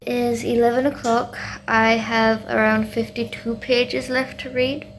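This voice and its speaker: In her video diary, a young adult student vlogger chats casually with many fillers, rambling and talking to herself while tired late at night. She has a fairly high voice with little pitch movement and a measured pace, and there's a slight hiss or hum.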